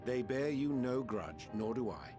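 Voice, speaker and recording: A solemn, courteous gentleman of the game world, played by an actor, speaking in measured, ornate phrases at a middling pitch. Game music plays clearly behind him. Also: expressive, lightly acted. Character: courteous, solemn, formal man.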